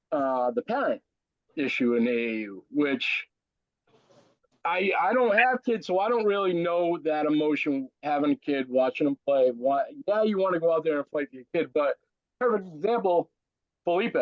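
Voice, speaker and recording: Man, podcast host, slightly higher voice, emphatic, dull dry recording. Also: normal speed, dry recording. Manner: emphatic, repeats points. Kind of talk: casual podcast chat.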